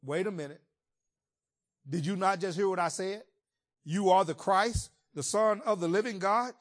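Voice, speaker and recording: A man's voice: sits high, normal speed, close to an everyday voice. A man voicing a brash, impulsive male disciple in a sermon retelling, talking in a blunt street style. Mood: protesting.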